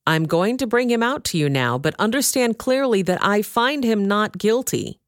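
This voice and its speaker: A woman's voice: mid-range voice, expressive, normal speed, no echo, studio quality, pitched above the performer's own voice, natural voice. A woman voicing a stern male Roman governor in a scripture reading, questioning sharply. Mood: proclaiming.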